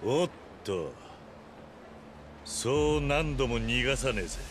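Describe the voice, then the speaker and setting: An actor playing a stern, tough male yakuza lieutenant in a video game, speaking gruffly and curtly. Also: medium pitch, animated, normal speed, a bit bright, slight background noise, close to an everyday voice. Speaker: game protagonist. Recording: game audio with music behind.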